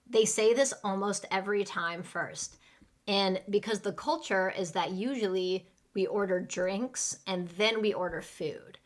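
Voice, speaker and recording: Clear and unhurried in her patience, an online English teacher runs a live class where she performs a server's dialogue and pauses for students to echo it. Her pitch is ordinary middle range, with a slightly bright quality.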